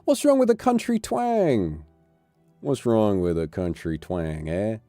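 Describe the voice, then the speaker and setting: A man putting on a swaggering cowboy with a twang who draws out each challenge slowly. His voice swings up and down. The delivery is goofy and bold. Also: lowish voice, big pitch swings, dark tone, dry recording, soft background music. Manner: slow drawling challenge.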